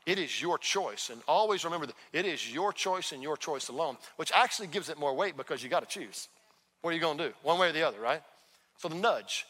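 A male pastor with a bright, forceful, slightly high voice, preaching in a conversational way. He acts out little exchanges as he goes. The sound carries a long reverb, as in a large church hall. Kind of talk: sermon. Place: church sanctuary.

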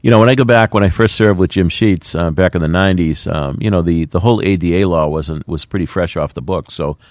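A man's voice: low voice, fast, a little mellow, no echo, studio quality. A middle-aged man, a mayor speaking in a plainspoken, folksy way with plenty of fillers. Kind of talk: radio interview talk.

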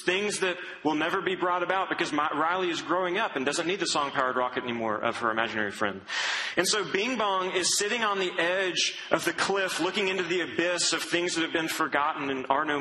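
A man preaching a sermon in an earnest, conversational way, often dropping to a soft, low tone. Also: background noise.

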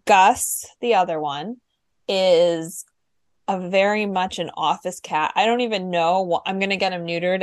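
Slow-talking woman co-host. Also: lowish voice, no echo. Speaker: podcast co-host. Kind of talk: casual chat.

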